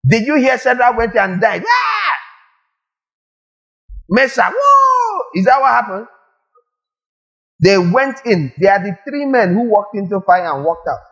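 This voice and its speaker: A male preacher giving a lively sermon, firing rhetorical questions at the congregation and acting out little scenes. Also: high-pitched, normal speed, rough recording.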